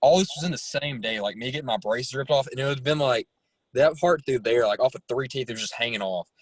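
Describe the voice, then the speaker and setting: A young man speaking as a guest over a video call, talking haltingly with many "like" and "I mean" fillers. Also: medium pitch, breathy edge, no room sound, rough recording. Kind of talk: casual chat.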